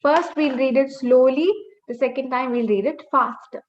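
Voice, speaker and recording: Brief: young female teacher, high and unhurried, drilling pronunciation over a dull lo-fi call line. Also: fairly even intonation. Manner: slow, drawn-out tone demonstration with repetition. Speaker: Mandarin teacher. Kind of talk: online webinar lesson. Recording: dull lo-fi online call audio.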